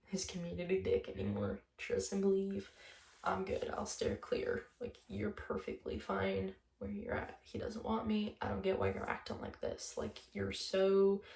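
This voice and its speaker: A woman's voice: medium pitch, creaky, dark tone, reverberant, recorded from a distance. A young woman telling a breakup story in a casual vlog, chatty and blunt, swearing freely and laughing often. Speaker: vlogger.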